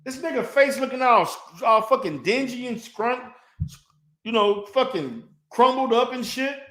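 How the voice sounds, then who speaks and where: A man's voice: very high voice, lively intonation, unhurried, a bit bright. A man ranting in a response video, profane and mocking, heated and insulting. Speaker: online commentator. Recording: echoey room.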